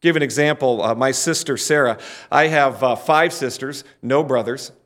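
A man's voice: mid-range voice, normal speed, a bit bright. A middle-aged man preaching a sermon and leading the congregation in call-and-response. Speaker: pastor.

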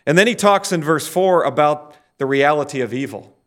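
Middle-aged guy preaching a sermon, bit of a higher voice, gets the crowd to answer back. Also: animated, moderate pace. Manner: leads the congregation in call-and-response. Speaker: pastor.

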